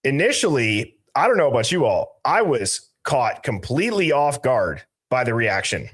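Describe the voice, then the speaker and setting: A man's voice: medium pitch, very animated, moderate pace, fairly bright tone, slightly rough. A man hosting a casual live stream, reading out viewer names from the chat with loose, jokey asides. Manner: greets viewers by reading chat usernames aloud. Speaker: livestream host.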